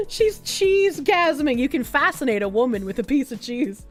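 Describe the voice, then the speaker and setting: High-pitched young streamer girl rambling and cussing, all excited, faint music behind. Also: moderate pace, few pauses. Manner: rambling, excitable, swears a lot. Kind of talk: casual chat.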